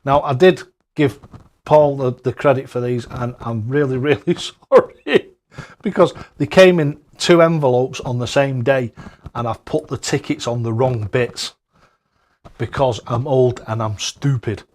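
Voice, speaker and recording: A man, hosting a casual darts live-stream, chatty and jokey, laughing often and loud when he greets viewers. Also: mid-range voice, fairly even intonation, measured pace.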